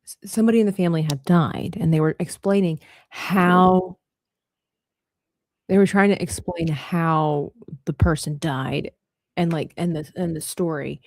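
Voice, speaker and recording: A woman's voice: lowish voice, unhurried, dry recording, studio quality. A woman hosting an art livestream, chatting casually while she draws, telling stories with lots of laughter. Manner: animated storyteller who laughs often.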